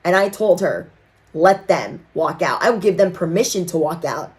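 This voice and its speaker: A young woman tarot reader chatting casually to her viewers, telling a story in an animated, slangy way. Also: fairly low pitch, normal speed.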